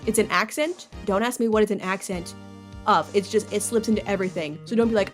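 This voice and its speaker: A woman's voice: medium pitch, fairly quick, soft background music. A young woman chatting casually and rambling with lots of fillers as she plays through a game. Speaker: let's play host.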